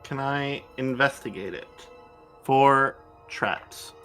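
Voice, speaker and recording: Bright-voiced man, hesitant player. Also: medium pitch, slow, soft background music. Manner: hesitant, corrects himself. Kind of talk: casual tabletop play.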